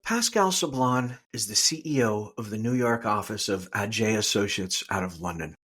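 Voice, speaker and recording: Husky Eastern Canadian man hosting. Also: on the low side, animated, moderate pace, a bit bright. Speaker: podcast host. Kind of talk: scripted podcast introductions.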